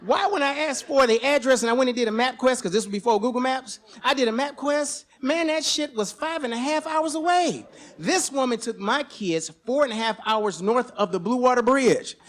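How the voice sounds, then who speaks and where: A man telling a personal story on stage at a live storytelling event, animated and profane, at times breaking into shouts. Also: very high-pitched, moderate pace.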